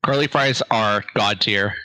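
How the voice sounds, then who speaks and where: A man's voice: lowish voice, measured pace, pushed and bright, poor audio. A man co-hosting a podcast in blunt, offhand casual chat. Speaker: podcast co-host.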